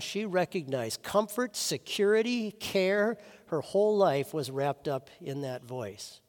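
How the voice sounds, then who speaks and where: A man preaching a sermon as pastor, earnest, swinging between loud stressed words and soft low phrases. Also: long reverb tail.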